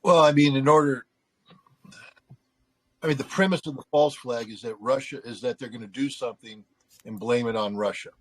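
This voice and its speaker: A man's voice: mid-range voice, moderate pace, pauses often, low-quality recording. A man answering an interviewer's question on a remote live call, conversational and argumentative, with many fillers. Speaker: guest commentator.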